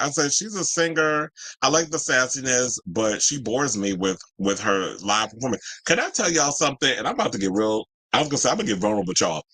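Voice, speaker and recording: Man, forties, sassy pop-culture host, lively swooping delivery, bright forceful voice, dry close sound. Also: no room sound. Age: 40s. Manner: sassy, animated, quick pitch swings into exclaimed asides. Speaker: podcast host. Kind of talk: casual chat.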